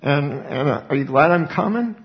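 A man puts on a smug, entitled man strolling into heaven and asking where his own place is. The voice is pitched up a little from his usual talk and keeps a gravelly edge. The recording sounds dull and lo-fi. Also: animated, normal speed. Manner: breezy, self-important questioning.

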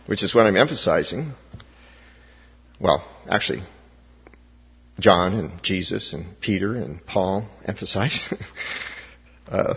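A man's voice: low-pitched, sing-song, measured pace, pauses often, slightly rough. A man preaching a sermon as pastor, with emphatic rising stresses and frequent restarts. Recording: dull, echoey hall recording.

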